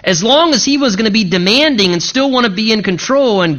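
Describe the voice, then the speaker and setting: A man preaching a sermon in an animated way, now and then acting out indignant voices. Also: high-pitched, brisk, hardly any pauses, highs cut off. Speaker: pastor.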